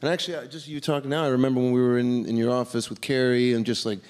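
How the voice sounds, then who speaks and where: Halting man searching for words. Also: medium pitch, little pitch movement, a little mellow. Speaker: actor on a press panel. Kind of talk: press conference answers.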